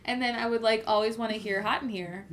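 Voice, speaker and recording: Brief: young female co-host, a bit high, laughs through her stories, swears casually. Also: fairly even intonation, fast, a crowd in the background. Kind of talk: casual chat.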